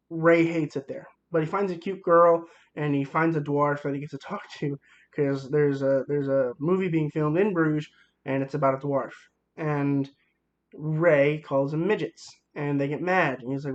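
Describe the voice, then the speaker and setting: A young man with a somewhat high voice talks through a movie review in a casual, rambling way, full of fillers and excitement. The recording sounds a bit dull and lo-fi.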